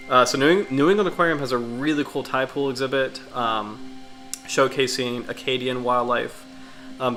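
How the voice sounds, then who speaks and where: A man hosting a casual livestream, chatting in an enthusiastic, rambling way full of fillers and restarts. His voice is bright and forward, a bit congested and sniffly. Faint music plays quietly behind him. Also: medium pitch, low-quality recording. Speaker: livestream host.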